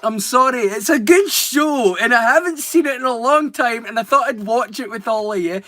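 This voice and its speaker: A man's voice: very high-pitched, normal speed, sharp tone, no echo. A man with a Scottish accent chatting casually with his live-stream viewers, teasing them and swearing freely. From Scotland.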